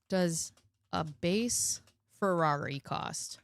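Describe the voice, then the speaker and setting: A woman's voice: medium pitch, normal speed, dry recording. A woman hosting a live reaction stream, talking bluntly and sarcastically and swearing freely. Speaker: host reacting to video clips. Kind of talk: casual live reaction commentary.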